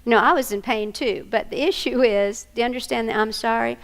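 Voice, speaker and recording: A woman's voice: fairly high pitch, brisk, vocal fry. A woman, teaching a workshop to a live audience, telling stories and checking in with her listeners. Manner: animated, storytelling, checks in with listeners. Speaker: workshop presenter.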